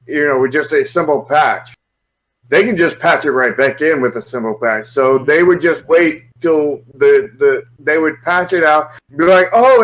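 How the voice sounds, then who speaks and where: A man's voice: on the high side, a bit bright, poor audio. A man in casual podcast chat, opinionated and explaining his view at length with many "you know"s.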